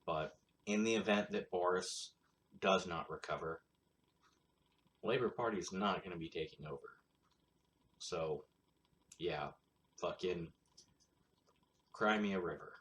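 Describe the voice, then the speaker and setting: Slow-talking blunt, rambling man. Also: low-pitched, fairly bright tone. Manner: rambling, blunt and crude with dry sarcasm. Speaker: show host. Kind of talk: casual solo commentary.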